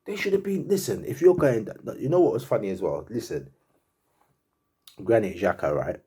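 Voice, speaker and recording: A man ranting about a football match, laughing in disbelief and repeating his points in slangy talk. His voice is low and mellow, with a husky edge, and it jumps all over the place. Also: expressive, normal speed. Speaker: football fan commentator. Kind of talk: animated fan reaction rant.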